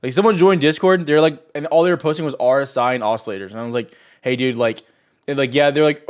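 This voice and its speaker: A man's voice: medium pitch, fast, smooth. A young man hosting a trading livestream, talking casually and ranting at viewers in chat with sarcasm and profanity. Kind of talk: casual live stream chat.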